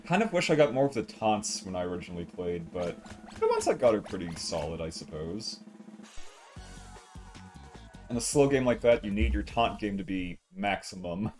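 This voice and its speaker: Playful low-voiced man streaming a game. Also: very animated, normal speed, a little mellow, soft background music. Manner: playful, self-mocking chatter to chat. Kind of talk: casual live gameplay commentary.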